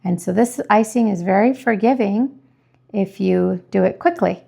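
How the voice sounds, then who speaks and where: A woman calmly explaining each step of decorating a cookie with icing as she works. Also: medium pitch, moderate pace, vocal fry. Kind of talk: step-by-step tutorial narration.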